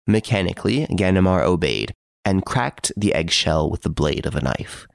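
A man narrating a classic story as an audiobook reader, measured and storytelling. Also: low voice, lively intonation, gravelly, dry recording, clean studio sound. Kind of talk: scripted narration.

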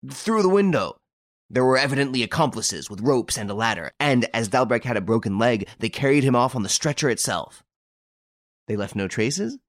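A man's voice: medium pitch, animated, moderate pace, no echo, studio quality, pitched above the performer's own voice, close to an everyday voice. A man reading an audiobook, voicing a police inspector giving a matter-of-fact report. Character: police inspector, earnest and dutiful.

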